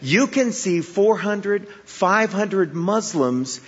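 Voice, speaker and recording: Husky-voiced man preaching in an echoey hall. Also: high voice, expressive, slow. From Chicago area, US. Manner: conversational, humorous storytelling with rhetorical questions. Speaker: guest preacher. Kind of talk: sermon with storytelling. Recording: echoey hall, dull sound.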